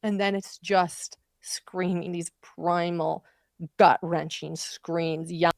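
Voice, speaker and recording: A woman's voice: lowish voice, steady tone, slow pace, vocal fry, no echo, studio quality. A woman commentating on a trial, recounting events in vivid, emotional detail. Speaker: true crime commentator.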